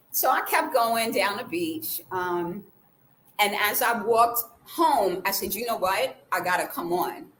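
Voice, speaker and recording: A woman vlogger telling a personal story in a casual way, acting out the quoted dialogue with lively changes of voice. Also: medium pitch, slight background noise, poor audio. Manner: animated, acts out the quoted dialogue.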